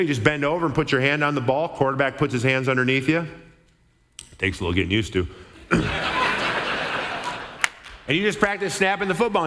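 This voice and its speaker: A middle-aged man from Minnesota telling an animated, chatty story to a church crowd, often checking in with "okay?". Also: mid-range voice. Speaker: guest speaker at church. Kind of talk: storytelling sermon talk. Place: large church auditorium. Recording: reverberant church hall.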